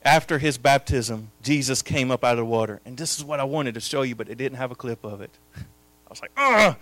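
A man preaching a sermon as pastor, his delivery swinging between hushed, intimate lines and loud, impassioned proclamations. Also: mid-range voice, brisk, no room sound.

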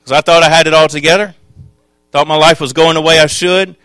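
A man preaching a sermon, telling his own testimony with passion, dropping to a hush and then rising loud. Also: fairly high pitch, fairly even intonation, brisk, clean tone, dry recording. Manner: impassioned, swings from hushed to loud.

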